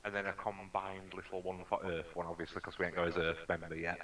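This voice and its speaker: A man with a low but bright, forceful voice chats easily and laughs often. He sits some way from the mic, so he sounds distant. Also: monotone, fast. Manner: easygoing, laughs often, short agreements. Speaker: co-host of a paranormal livestream. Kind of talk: casual chat.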